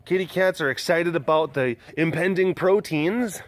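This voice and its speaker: A man's voice: fairly high pitch, moderate pace. A bubbly man recording a casual outdoor walk-around vlog at a big cat sanctuary. He chats with the viewers and baby-talks to the cats. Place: outdoors at an animal compound.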